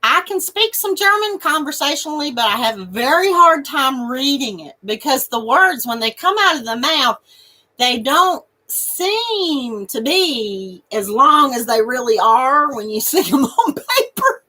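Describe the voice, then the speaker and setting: A woman chats unhurriedly with her viewers, giggling and snorting between comments. Her voice is a touch high and bright. It swings up and down a lot as she talks. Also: big pitch swings, measured pace. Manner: giggly, laughs and snorts often. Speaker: crochet channel host. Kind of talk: casual live chat reading viewer comments.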